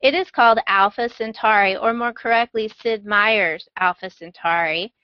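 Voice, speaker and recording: Woman, podcast host, enthusiastic casual chat, mid pitch, dull dry recording. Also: moderate pace, dry recording. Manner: chatty, playful, enthusiastic.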